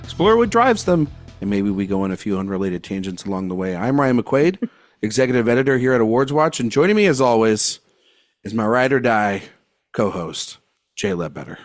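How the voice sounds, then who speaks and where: A man's voice: lowish voice, big pitch swings, brisk, no echo, soft background music. A man hosting a podcast in casual, joking chat, rambling and laughing often. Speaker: podcast host.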